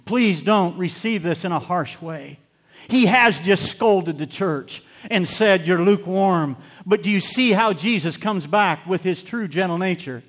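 A man preaching a sermon as pastor, swinging between loud, laughing bursts and hushed, slow scripture reading. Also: high-pitched. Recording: long hall reverb.

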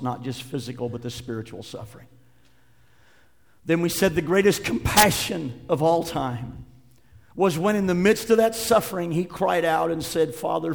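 Guy preaching a sermon, kinda high voice, gets loud then goes real quiet reading scripture. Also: creaky, in a large hall, noisy background. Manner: impassioned, swinging from loud preaching to hushed reading. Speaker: pastor.

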